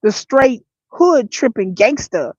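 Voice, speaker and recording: Candid woman vlogger with a high voice. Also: slow, slightly rough, dry recording, muffled recording. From Detroit area. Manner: candid, animated storytelling with frequent restarts and voiced asides. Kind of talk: casual talk to camera.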